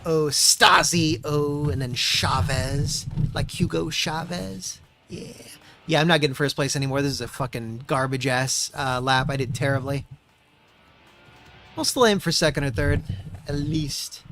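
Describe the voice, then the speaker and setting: A man's voice: fairly high pitch, moderate pace, a bit bright, soft background music. A man streaming a racing game, muttering to himself and swearing often as he chats. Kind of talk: casual gameplay commentary.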